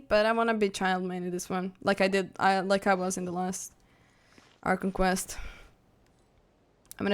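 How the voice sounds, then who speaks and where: A woman live streaming a video game, chatting casually with her viewers, giggly and prone to excited squeals. English is not her first language. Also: medium pitch. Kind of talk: casual gaming stream chat. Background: faint game music.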